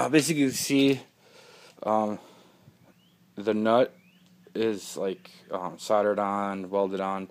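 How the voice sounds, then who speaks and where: A man's voice: lowish voice, fairly even intonation, takes it slowly, long pauses. A man casually talking through his motorcycle project in a home garage, rambling with lots of ums and uhs. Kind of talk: casual workshop vlog.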